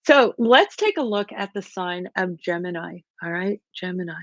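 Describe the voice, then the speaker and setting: A woman hosting a live tarot stream, chatty and animated, greeting viewers by name as she reads the cards. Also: on the low side, normal speed, no room sound, lo-fi sound. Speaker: tarot reader hosting a livestream.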